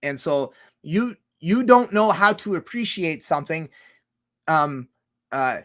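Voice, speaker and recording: A man's voice: a little high, big pitch swings, slow pace, a bit bright. A man chatting casually on a livestream, rambling with many restarts, swearing heavily and laughing often. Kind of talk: casual rambling stream chat.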